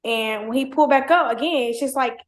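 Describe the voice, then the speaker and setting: Young woman, casual storyteller, slangy and blunt, lots of "like", higher-pitched, echoey room. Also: a little fast. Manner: heavy "like" fillers, slangy, blunt. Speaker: guest telling her story. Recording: roomy echo.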